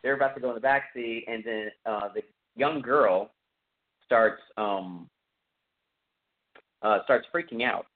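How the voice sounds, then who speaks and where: Pausing often and speaking a little slowly, a man with a mid-range voice walks through a film scene on his podcast. He's casual, rambling and enthusiastic, using lots of fillers, and the recording sounds tinny and phone-like.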